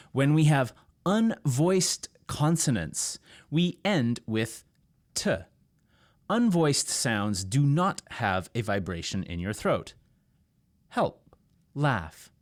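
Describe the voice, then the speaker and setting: A man from Canada teaching English pronunciation, drilling words slowly and clearly with repetition. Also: medium pitch. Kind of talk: scripted pronunciation lesson.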